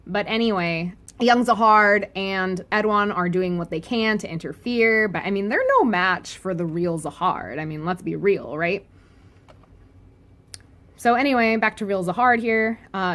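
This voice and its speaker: In her loose, jokey webcomic review video, a woman laughs often and fills her chatter with "like" and "anyway." She speaks at an unhurried pace in a medium-pitched, slightly bright voice.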